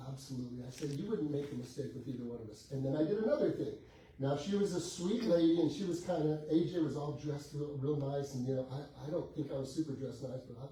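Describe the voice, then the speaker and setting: Middle-aged man, real estate coach, animated storytelling, mellow voice, distant mic, echoey room. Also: medium pitch. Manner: acts out both sides of a sales conversation, laughing often. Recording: echoey room with faint background noise, heard from a distance.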